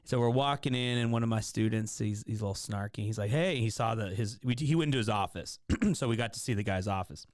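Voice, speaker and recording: A man co-hosting a casual sports betting podcast, telling stories animatedly and jumping up in pitch when excited. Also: quick pace, hardly any pauses, no room sound, clean studio sound. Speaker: podcast co-host.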